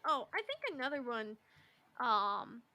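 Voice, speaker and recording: A young woman co-hosting a podcast, talking earnestly and haltingly with many fillers. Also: fairly high pitch, expressive, pushed and bright, no room sound. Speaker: podcast co-host. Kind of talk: casual chat.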